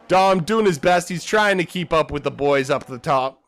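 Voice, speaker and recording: A man's voice: a little high, normal speed, a bit bright. A man giving casual, joking live commentary on a sim race, swearing freely as he calls the action.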